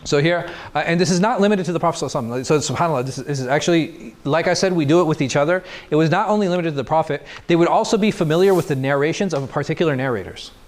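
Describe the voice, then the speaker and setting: Man teaching a class, quite high voice. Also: rapid-fire, few pauses. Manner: explanatory, asks the class questions and answers them. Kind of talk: classroom lecture. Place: mosque classroom.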